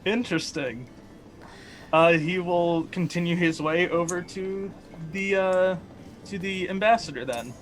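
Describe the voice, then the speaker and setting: A man playing a tabletop game over a call, briskly describing what his character does. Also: sits high. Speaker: player.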